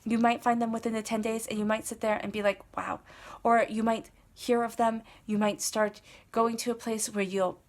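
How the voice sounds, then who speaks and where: A woman gives a casual tarot reading in a voice of middle pitch. She talks straight to the listener, encouraging and a little rambling, and she likes to repeat her phrases for emphasis. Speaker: tarot reader.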